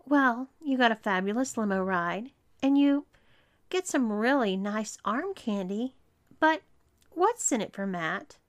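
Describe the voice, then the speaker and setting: A teasing, scheming young woman, read by a woman in a storybook. The voice is slow and fairly high. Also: animated.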